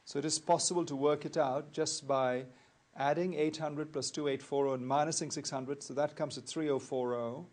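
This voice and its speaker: A man teaching accounting in a recorded lecture, explaining worked examples in a measured, methodical way and repeating key points. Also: a little high, fairly even intonation, darkish tone. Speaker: accounting tutor.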